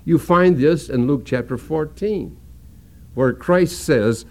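A man's voice: on the high side, slow pace. A man preaching a sermon as pastor, explaining a passage step by step and repeating words as he searches for them.

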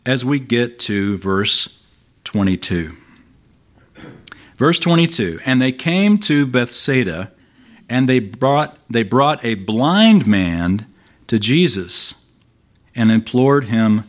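A man preaching a sermon, explaining scripture in a conversational way and reading passages aloud with emphasis. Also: medium pitch. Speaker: pastor.

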